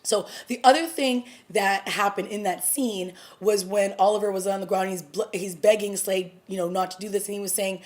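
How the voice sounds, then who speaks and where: A woman excitedly reviewing a TV episode in a casual vlog, stumbling over her words as she retells the scenes. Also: mid-range voice, normal speed, few pauses. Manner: gushing and breathless, stumbling restarts.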